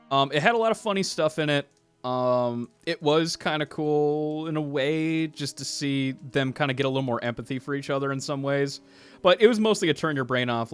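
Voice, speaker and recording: Casual male game streamer, slightly high voice, lively, faint music underneath. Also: clear, resonant tone. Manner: animated, laughs often, reads game dialogue aloud. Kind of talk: casual game commentary with chat.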